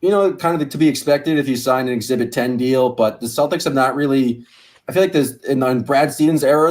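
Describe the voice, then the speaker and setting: A man's voice: medium pitch, darkish tone. A man hosting a casual sports podcast, chatty and upbeat, laughing easily. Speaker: podcast host.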